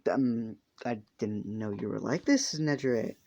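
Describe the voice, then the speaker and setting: A man voicing a shy, gentle young man in a casual fan story, in a low-key voice close to his own. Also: unhurried, vocal fry. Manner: casual low-key reading with little change of voice. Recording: muffled lo-fi recording.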